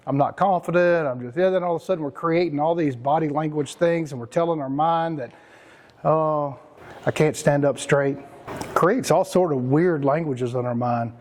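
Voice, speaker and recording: A man's voice: a little high, a little mellow. A man, hosting and talking casually to a small group, rambling and self-mocking with some cursing and sarcastic mock voices. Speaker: host.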